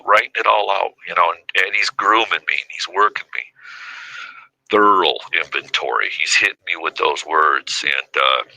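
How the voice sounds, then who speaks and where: A man in his fifties speaking as an interview guest, drifting through his story with constant fillers. His voice is low and pushed hard, with a tense edge. The sound is close and dry, with no room around it. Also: gravelly, bright, forceful tone, no room sound, low-quality recording. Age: 50s. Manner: rambling, heavy with "you know" and "uh". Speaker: podcast guest.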